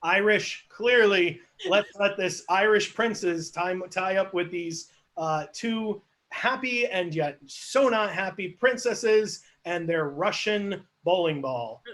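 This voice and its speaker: A man's voice: sits high, slow pace, few pauses, a bit bright. A man hosting a live online improv show, narrating scenes and asking the audience for suggestions in a chatty, laughing way.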